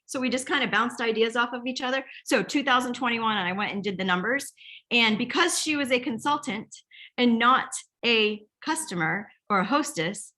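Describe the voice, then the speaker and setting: Woman, bright clear voice, chatty, rambling, motivational team talk. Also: fairly high pitch, moderate pace. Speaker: direct sales team leader.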